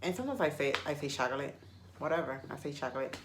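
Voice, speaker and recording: A woman's voice: low voice, expressive, fast talker, noisy background. A woman whose first language is Spanish, chatting casually to camera and rambling with self-mocking humor. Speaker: vlogger.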